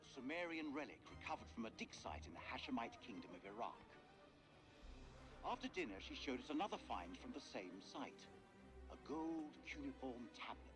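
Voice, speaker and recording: Actor as posh British expedition leader, lively voice, journal narration, loud music behind. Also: male voice, medium pitch, normal speed, lightly acted. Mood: measured. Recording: game audio under loud music.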